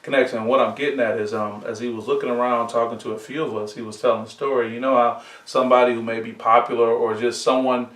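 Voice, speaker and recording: A man hosting a sports psychology podcast, telling stories in a casual, animated way and asking himself rhetorical questions. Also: medium pitch, quick pace, hardly any pauses. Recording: roomy, distant mic.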